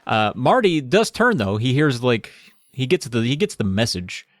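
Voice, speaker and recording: A man co-hosting a casual podcast, retelling a book's plot with animated, chatty storytelling and a few curses. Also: mid-range voice, moderate pace, dry recording. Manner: animated storytelling, swearing, tangents. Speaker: podcast co-host. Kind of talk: casual book recap chat. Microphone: studio mic, livestream.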